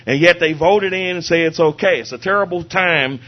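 A man delivers a fervent sermon in a fairly high voice, circling back on his points and quoting scripture. The recording sounds a little dull and lo-fi. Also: fairly quick. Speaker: preacher.

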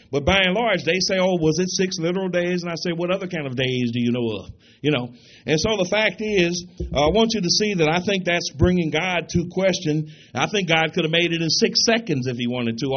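A man with a fairly high voice preaching a sermon in a church. He is emphatic, fires rhetorical questions at the congregation and slows down when reading scripture aloud. The recording sounds dull and lo-fi.

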